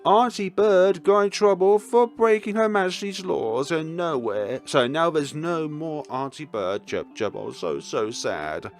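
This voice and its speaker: A man voicing a small, fat, timid bird in a game, chattering and repeating itself in a high squeak. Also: animated, a little slow, hardly any pauses, faint music behind. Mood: nervous. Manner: squeaky, repeats "chirp" and its own phrases.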